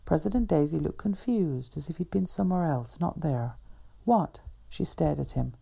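Woman author reading her own story, low dark voice, gravelly, steady. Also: moderate pace.

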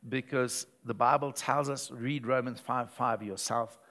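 A man, a pastor, preaching a sermon in church with lively storytelling that swings between loud and hushed delivery. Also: mid-range voice, measured pace.

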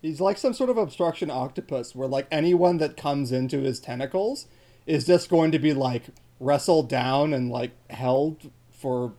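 Mellow-voiced joking man. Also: medium pitch, normal speed. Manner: animated, joking, exaggerated comparisons. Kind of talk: casual sports podcast chat.

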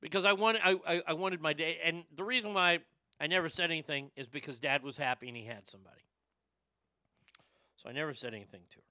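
A man telling profane, rambling personal stories to a live chat, animated and quick to joke. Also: a little high, dry recording, studio quality. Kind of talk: storytelling stream chat.

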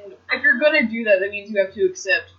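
A woman's voice: mid-range voice, expressive, slight background noise. A woman co-hosting a casual chat, speaking frankly and with a lot of profanity. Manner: frank, profane, quick to agree. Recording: dull lo-fi recording.

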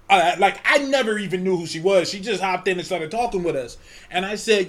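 A man co-hosting a podcast, telling a story in casual chat, animated and profane, often breaking into laughter. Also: high voice, a little fast. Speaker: podcast co-host.

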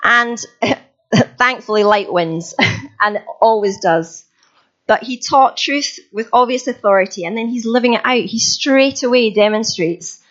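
A woman giving an informal, chatty sermon as a preacher, self-deprecating and quick to laugh. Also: on the high side, a bit bright. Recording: slightly dull recording.

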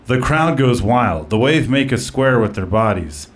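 A man's voice: medium pitch, sing-song, unhurried. A man hosting a comedy podcast in casual chat, rambling with lots of fillers and narrating an absurd roast story. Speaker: podcast host.

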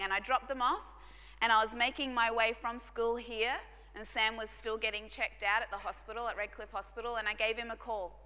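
A woman pastor, telling a personal story in a sermon, earnest and dropping to hushed tones for emphasis. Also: fairly high pitch. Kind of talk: sermon testimony. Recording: long hall reverb.

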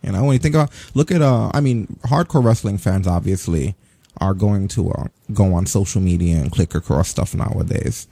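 Deep-voiced man podcast host. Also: moderate pace, creaky, breathy edge, no echo. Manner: relaxed, rambling commentary. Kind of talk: casual podcast chat.

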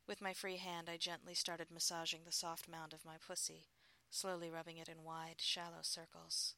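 A woman narrating a first-person erotic story in a soft, intimate murmur. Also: low voice, monotone, moderate pace, creaky, dry recording.

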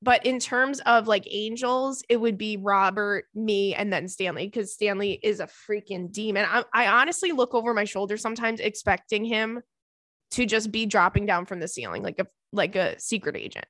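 A young adult woman hosting a podcast, telling stories in a casual, animated way, laughing often and acting out what her friends said. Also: medium pitch, normal speed, no echo, studio quality. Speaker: podcast host. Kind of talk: casual storytelling chat.

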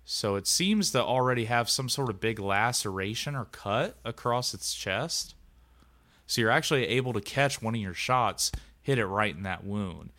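A man's voice: on the low side, expressive, normal speed, sharp tone. A man narrating a tabletop game as game master, talking casually and rambling with lots of filler words.

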